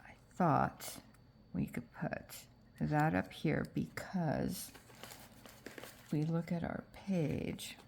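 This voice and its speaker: A woman's voice: deep voice, slow, gravelly, pauses often, darkish tone, a little hiss or hum. A woman with a stuffy, congested voice from allergies, chatting casually through a crafting tutorial with frequent fillers. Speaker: junk journal crafter.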